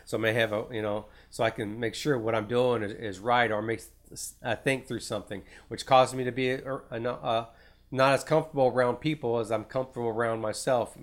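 A man's voice: medium pitch, steady tone, brisk. Rambling man teaching scripture. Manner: rambling, repeats words, stops and restarts. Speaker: preacher. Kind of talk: informal Bible teaching.

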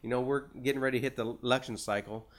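A man's voice: medium pitch, steady tone, very fast. A man preaching a conversational sermon in an earnest, folksy way, with frequent filler words. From United States. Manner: folksy, many "you know" fillers, earnest.

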